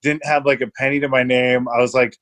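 A man's voice: mid-range voice, little pitch movement, fast, fairly bright tone. Rambling, swearing young man telling a story. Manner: rambling storyteller, swears often, laughs a lot. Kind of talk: casual chat.

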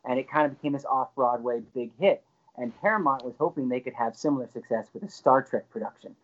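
A man guest on an interview, telling an excited anecdote with lively jumps in his voice. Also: quick pace, highs cut off. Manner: animated, excited storyteller with frequent pitch jumps. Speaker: guest actor. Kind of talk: casual anecdote storytelling.

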